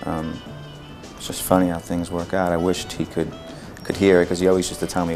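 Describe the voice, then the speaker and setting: A man, a guitarist and former bandmate, calmly reminiscing in an interview. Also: low voice, brisk, faint music behind. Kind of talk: reflective interview talk.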